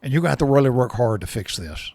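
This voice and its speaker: A man's voice: mid-range voice, lively intonation, fast, gravelly, a little mellow, no room sound. A man voicing a stern middle-aged father lecturing his daughter's boyfriend.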